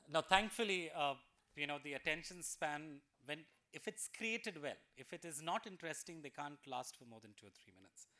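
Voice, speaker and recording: A man's voice: on the high side, expressive, normal speed, pushed and bright. A man giving a motivational talk to teachers, telling a story in a conversational way. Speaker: guest speaker for teachers. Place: school auditorium.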